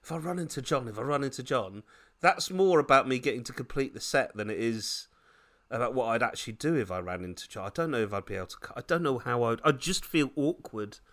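A man's voice: medium pitch, animated, fast talker, fairly bright tone. A man co-hosting a podcast in casual, jokey chat, laughing often. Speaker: podcast co-host.

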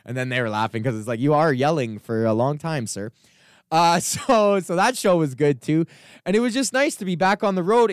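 A man hosting a comedy podcast, telling a rambling, profanity-laced story in a casual, animated way. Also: a little high, moderate pace, smooth, no echo. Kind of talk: casual ranting monologue.

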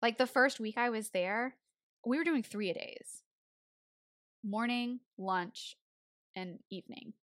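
A woman's voice: fairly high pitch, slow, long pauses, fairly bright tone, dry recording, clean studio sound. A young woman co-hosting a podcast, chatting casually and laughing easily, often saying "like". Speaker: podcast co-host. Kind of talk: casual chat.

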